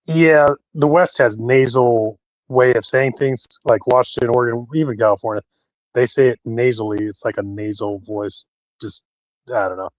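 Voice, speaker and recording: A man talking casually as a guest on a live stream panel, rambling in a relaxed way. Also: medium pitch, moderate pace, no room sound, muffled recording.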